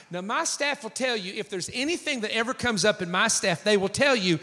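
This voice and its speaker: A man's voice: high-pitched, a little fast, hardly any pauses. A man preaching a sermon, telling stories with acted-out quotes. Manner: animated storytelling with acted quotes. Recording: long hall reverb.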